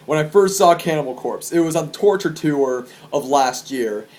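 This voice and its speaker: Excitable young man swapping concert stories. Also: a little high, moderate pace. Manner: excitable, profane, rambling with restarts. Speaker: vlogger. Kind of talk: casual storytelling to camera.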